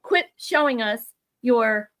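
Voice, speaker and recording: Higher bright woman gossiping, mocky tone, dry mic. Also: animated, takes it slowly, no room sound. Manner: mocking, gossipy. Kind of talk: casual chat.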